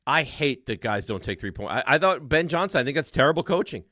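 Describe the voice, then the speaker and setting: A man with a New York accent hosts sports radio, emphatic and needling in quick banter. His pitch swings widely as he talks. The mic sound is dry and close. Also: sing-song, sharp tone, no echo. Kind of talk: casual sports talk.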